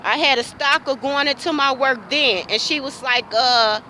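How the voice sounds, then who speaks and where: Speaking at normal speed, the adult woman vlogger has a high, sharp voice, and the low-quality recording carries a bit of hiss or hum. Her emotional monologue is passionate and repetitive, driven by question after question.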